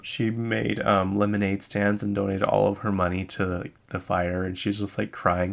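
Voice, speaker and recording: A man with a very low voice and a gravelly edge, hosting a podcast in a casual chat. He rambles through the news, wanders into asides and corrects himself as he goes. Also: level tone, normal speed, hardly any pauses. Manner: chatty and rambling, with many asides and self-corrections. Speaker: podcast host. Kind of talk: casual chat about pop music news. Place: lives in Utah.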